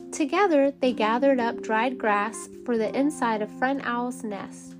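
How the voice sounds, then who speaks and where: A woman reading a bedtime story aloud to children, gentle and calm. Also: on the high side, unhurried, few pauses, music in the background. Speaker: storybook reader.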